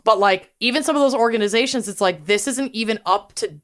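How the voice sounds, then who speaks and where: A young adult woman co-hosting a podcast in casual chat, animated and swearing freely. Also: on the high side, fairly quick. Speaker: podcast co-host.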